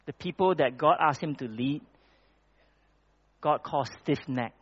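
A man preaching a conversational sermon in a church hall, often pausing and restarting his words. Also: on the high side, husky. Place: church hall with projected slides. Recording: dull lo-fi recording.

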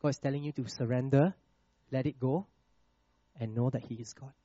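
A man preaching a sermon with a personal testimony, checking in with the congregation with "all right?" and "okay?" and dropping to a hush on scripture lines. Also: mid-range voice, steady tone, dry recording, highs cut off. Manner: slows and drops to a hush on scripture phrases.

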